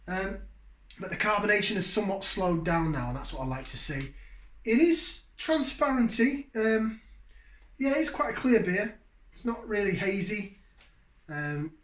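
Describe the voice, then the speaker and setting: A man, hosting a casual beer review in a rambling, self-deprecating way. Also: high-pitched. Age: 40s. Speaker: beer reviewer, channel host. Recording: echoey room.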